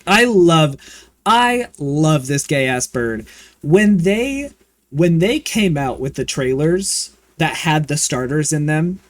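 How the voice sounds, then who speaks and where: A man chatting casually and campily while streaming a video game, with playful swearing and excited bursts. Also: a little high, slow pace, dry recording. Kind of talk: casual gaming livestream chat.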